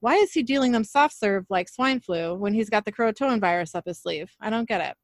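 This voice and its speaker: A woman's voice: medium pitch, expressive, brisk, no echo. Dry-voiced woman recapping a show. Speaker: podcast co-host recapping an episode. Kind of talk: casual recap, reading scene dialogue aloud.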